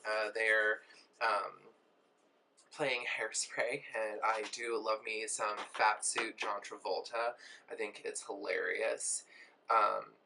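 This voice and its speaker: Hoarse, chatty man with a bright voice. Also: fairly low pitch, a little hiss or hum, rough recording. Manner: chatty, many fillers, rambling asides. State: hoarse, recovering from laryngitis. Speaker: beauty vlogger and cosmetologist. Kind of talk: casual get-ready-with-me chat.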